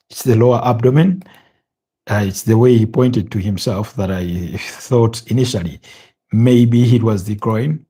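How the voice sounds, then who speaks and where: A man's voice: mid-range voice, warm tone, slightly rough. A tired man from Uganda doing a live football watch-along, thinking aloud with hesitations and repeated words. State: tired, yawning. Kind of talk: live match commentary and chat.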